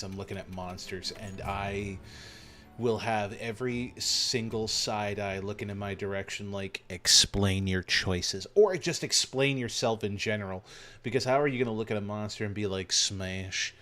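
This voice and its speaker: A man commentating casually while live-streaming a game, playful and rambling, with sudden excited yelps. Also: fairly low pitch, normal speed, soft background music.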